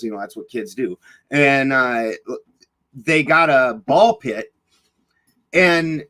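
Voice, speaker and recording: A man's voice: mid-range voice, a bit bright, poor audio. A middle-aged man telling a personal story in a casual interview, blunt and rambling, swearing freely, with many fillers and restarts. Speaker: podcast guest.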